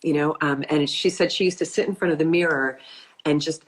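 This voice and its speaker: A woman's voice: sits low, steady tone, brisk. A woman hosting a book club conversation, reflective and thoughtful as an interviewer.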